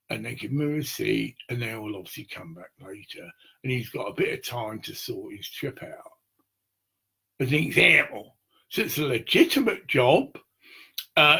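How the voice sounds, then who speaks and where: Man, gravelly and husky, rambling and swearing in a pitch-swinging monologue. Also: very animated, measured pace, sharp tone. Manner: rambling, profane, acts out little scenes.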